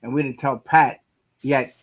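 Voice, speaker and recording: A man's voice: mid-range voice, fairly even intonation, a little slow, dull audio, slight background noise. Rambling man with a Brooklyn accent. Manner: rambling, repeats phrases, swears. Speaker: co-host. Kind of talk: casual chat.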